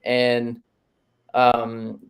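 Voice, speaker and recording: A man co-hosting a podcast, speaking in a measured, reflective way with lots of "you know" fillers. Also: medium pitch, completely flat delivery. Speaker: podcast co-host. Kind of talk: casual reflective podcast talk.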